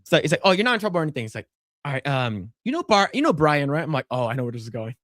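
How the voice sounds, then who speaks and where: A man telling a workplace story on a podcast, his voice sitting a little high for a man. He stammers, restarts and slips into quoted voices. The sound is dry and close. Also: sing-song, racing, a bit bright, no room sound. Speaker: podcast co-host. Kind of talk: casual storytelling chat.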